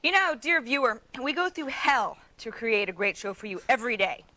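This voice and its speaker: Bright playful young female TV host. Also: on the high side, big pitch swings. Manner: playful, wry and quick to laugh. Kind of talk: joking TV studio banter.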